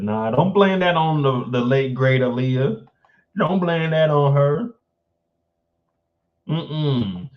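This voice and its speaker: A joking stream host from the Midwest chats casually with his viewers. He swears freely and laughs often in a fairly high voice. The stream audio is a little dull. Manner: joking, profane, breaks into laughter. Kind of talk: casual live-stream chat.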